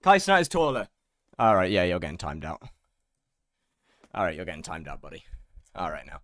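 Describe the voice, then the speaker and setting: A man's voice: sits low, wildly swooping pitch, brisk, a bit bright, dry recording, clean studio sound. A young man streaming live, chatting casually and greeting viewers one by one, slightly out of breath. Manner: chatty, greets chat by name, self-mocking.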